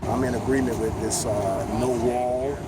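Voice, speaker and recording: Man in his 60s, street interview, halting earnest speech, loud traffic noise behind. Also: mid-range voice, fairly even intonation. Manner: halting, earnest, with many fillers. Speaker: protester interviewed at a rally. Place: outdoors on a city street.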